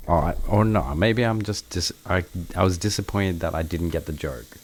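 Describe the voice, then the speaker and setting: A man's voice: deep voice, normal speed, slight background noise, low-quality recording. A man hosting a live cooking stream. He chats casually with his viewers while he cooks in his kitchen and swears now and then. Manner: relaxed, chatty, answers chat while cooking, swears casually. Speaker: livestream cooking host. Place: home kitchen.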